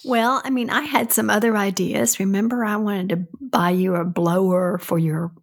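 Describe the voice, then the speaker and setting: A woman co-hosting a podcast, chatting in a supportive, gently teasing way. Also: medium pitch, steady tone, normal speed. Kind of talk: casual conversational podcast chat.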